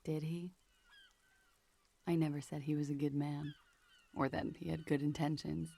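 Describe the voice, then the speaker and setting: A woman's voice: sits low, flat delivery, normal speed, gravelly, dark tone, husky, exaggerated voice. A woman voicing a guarded, world-weary young woman in a video game, cool and evasive.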